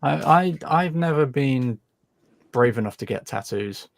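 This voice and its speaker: Gravelly self-deprecating man. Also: mid-range voice, animated, unhurried. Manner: self-deprecating, rambling, chuckling. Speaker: livestream host. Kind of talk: casual group chat.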